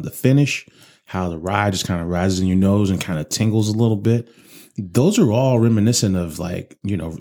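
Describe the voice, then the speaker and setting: With a low-pitched, darkish voice, this man co-hosts a whiskey podcast. His talk is loose and casual, full of profanity and rambling fillers.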